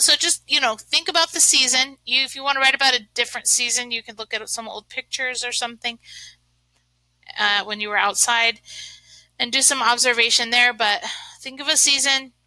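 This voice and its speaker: A woman's voice: fairly high pitch, pushed and bright, no echo, poor audio. A woman teaching a remote lesson, chatting and thinking aloud as she writes, with many fillers. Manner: chatty, uses lots of fillers. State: sneezing from allergies.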